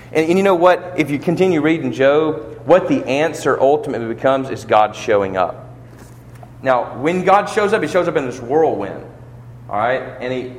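A man preaching a sermon, building to emphatic peaks and asking rhetorical questions, in a church or funeral hall. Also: medium pitch. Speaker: pastor. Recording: long reverb of a large hall.

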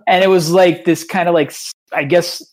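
A man talking casually as a podcast guest, rambling with many restarts and fillers, and getting animated as he retells stories. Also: high-pitched, moderate pace. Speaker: tabletop tournament organizer, guest.

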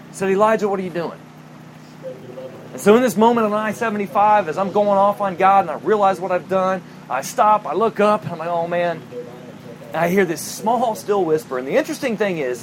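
Guy preaching, kinda high voice, tells it like a story, gets loud and worked up, faint hum behind. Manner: storytelling, emphatic, rising to near-shouting when recounting anger. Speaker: pastor. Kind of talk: sermon.

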